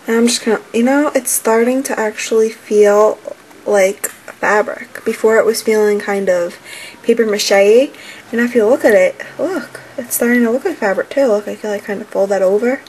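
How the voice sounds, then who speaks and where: A bubbly teenage girl talking straight to her camera at home, in a slightly high voice that is full of "like" fillers. A faint hum of room noise sits behind her. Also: moderate pace, darkish tone, rough recording. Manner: bubbly, chatty, lots of "like" fillers. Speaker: vlogger. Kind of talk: casual vlog chat.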